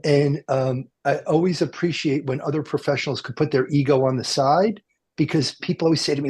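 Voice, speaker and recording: A man's voice: fairly high pitch, fairly even intonation, a little fast, a little mellow, breathy edge. A man hosting a radio talk show from a car dealership, rambling and joking with plenty of fillers and restarts. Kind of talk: casual chat.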